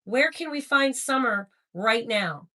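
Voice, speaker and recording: A woman hosting a live-stream spirit box session, excitable and talking straight to her viewers. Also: fairly high pitch, slow.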